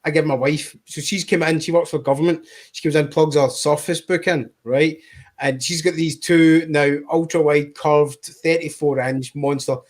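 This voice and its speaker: A man chatting casually as a guest on a tech livestream, relaxed and conversational with hedging fillers. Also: on the high side, normal speed. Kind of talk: casual chat.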